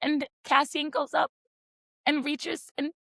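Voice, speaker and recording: A woman hosting a book podcast, retelling chapters in a casual, animated way and reading quotes aloud dramatically. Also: sits high, slow, vocal fry, no room sound. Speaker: podcast host. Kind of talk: casual book-club recap.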